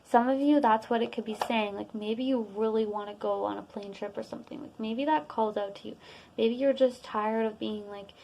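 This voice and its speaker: A woman's voice: fairly high pitch, normal speed, gravelly, slight background noise, low-quality recording. A young woman giving a casual, rambling tarot reading to her viewers, full of fillers. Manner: rambling, relaxed, many fillers. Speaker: tarot reader.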